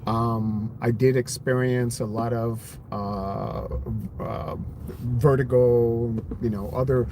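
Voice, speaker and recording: A man's voice: medium pitch, fairly even intonation, slow, background noise. A man in his thirties talking casually on a live stream about his own story, rambling with lots of fillers and restarts. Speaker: vlogger sharing his hearing story.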